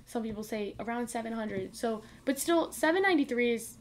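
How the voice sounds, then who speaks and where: A woman's voice: fairly high pitch, animated, fairly quick, slight background noise. A woman co-hosting a podcast, explaining a history segment at length in a loose, informal way. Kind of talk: casual chat.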